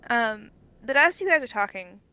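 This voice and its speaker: Bright-voiced young woman game master. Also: fairly high pitch, lively intonation, clear, resonant tone. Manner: halting, many fillers. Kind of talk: narrating a tabletop game.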